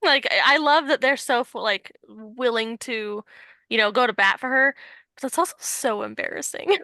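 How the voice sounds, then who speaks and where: A woman's voice: on the high side, normal speed, sharp tone, no room sound. A woman podcast co-host chatting casually, musing in a rambling, self-deprecating way. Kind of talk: casual chat.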